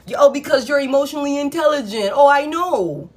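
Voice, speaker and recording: A woman, giving a collective tarot reading in a blunt, profane, animated way. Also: high-pitched, brisk. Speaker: tarot reader.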